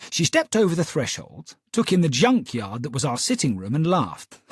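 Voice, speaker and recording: Reading scripted narration as an audiobook narrator, a man tells a story in a measured, expressive style, his slightly husky, somewhat high voice full of lively intonation. The recording is close and dry, with no room sound.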